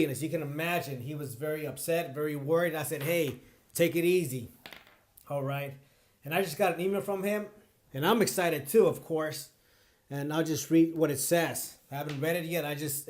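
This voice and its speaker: An emphatic man talking straight to his viewers as a bar exam tutor. His voice sits a little high, and he comes back to the same point more than once to stress it. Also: moderate pace, a little mellow. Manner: earnest, emphatic, repeats points. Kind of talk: direct-to-camera talk.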